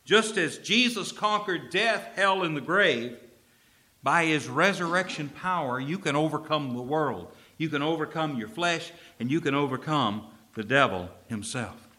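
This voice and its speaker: A man from Texas, a preacher delivering an emphatic sermon and slowing down to stress key phrases. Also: a little high, lively intonation, pushed and bright.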